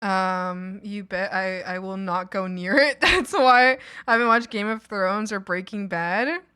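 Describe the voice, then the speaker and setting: A woman streamer in casual chat, rambling and chatty, laughing often and sometimes bursting into mock shouting. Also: mid-range voice, unhurried, clean tone.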